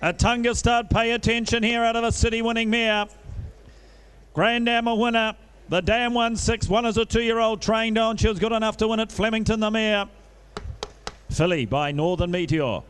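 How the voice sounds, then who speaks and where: Male auctioneer, high-pitched and crisp, fast bid chant with salesman coaxing. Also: steady tone, fairly bright tone. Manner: rapid-fire bid chant mixed with coaxing sales patter. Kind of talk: live auction calling.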